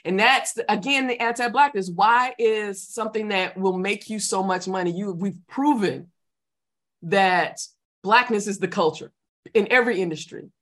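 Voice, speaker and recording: A woman's voice: mid-range voice, moderate pace. A woman in her thirties, co-hosting a podcast in casual chat, telling stories with lots of laughter and energy. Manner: animated storyteller, laughs often. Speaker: podcast co-host.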